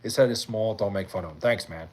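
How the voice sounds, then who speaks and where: A man's voice: lowish voice, fast talker. A man hosting a livestream, telling a long, profane story full of fillers and answering viewers' chat messages. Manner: reads and answers chat comments. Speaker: livestream host. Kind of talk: casual chat with live viewers.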